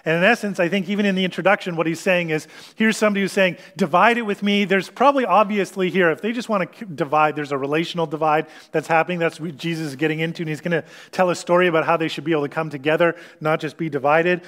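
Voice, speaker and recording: A pastor preaching a sermon, explaining scripture in an earnest, teaching way with pauses and restarts. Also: male voice, a little high, steady tone, a bit bright.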